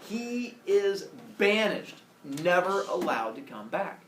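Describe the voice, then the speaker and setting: A teacher telling a myth to his class in an animated, playful way with sound effects. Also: sits high, takes it slowly, background noise. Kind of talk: storytelling to a class. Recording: echoey classroom, from a distance.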